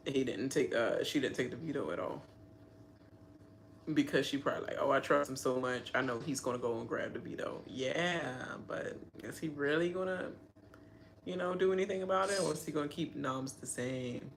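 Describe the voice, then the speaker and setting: A woman with a very deep voice hosts a live reaction video, ranting and laughing about a reality show while it plays. She's animated, laughs often, and mimics the people on screen, with slight background noise in the recording.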